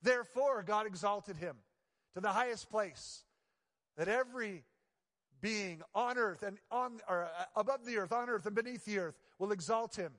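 A pastor preaching in a reverberant hall, his voice sitting a little high for a man. He keeps it chatty and playful, then sinks into hushed, earnest passages. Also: moderate pace. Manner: conversational and playful, dropping to quiet earnest tones. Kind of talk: sermon.

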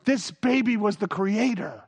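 A man preaching a sermon, moving from hushed awe to playful, animated emphasis. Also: sits high, measured pace, slightly rough. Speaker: pastor.

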